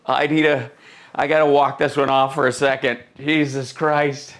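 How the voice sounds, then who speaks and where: This man hosts a live stream and delivers comic political commentary, exclaiming in a mock-incredulous way. His voice is medium-pitched and a bit bright, with a flat delivery at a normal speed.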